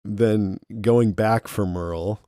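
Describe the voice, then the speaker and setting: Low-voiced man chatting on a podcast. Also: steady tone, slow, mellow, clean tone, dry recording, studio quality. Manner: acts out quotes in raised voices, laughs often. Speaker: podcast co-host. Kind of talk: casual chat recapping a TV episode.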